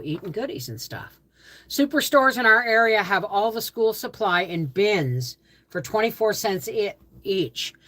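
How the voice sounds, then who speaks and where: An older woman with a notably low, husky, slightly bright voice hosts a casual livestream. She rambles from story to story, often breaking off mid-sentence to start over, and picks up viewer comments as they arrive.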